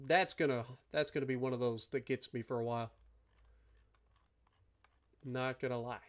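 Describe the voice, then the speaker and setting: A man's voice: mid-range voice, fairly even intonation, normal speed, pauses often. A man streaming a strategy game live, ranting and swearing at his opponents as he plays. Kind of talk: live gameplay commentary.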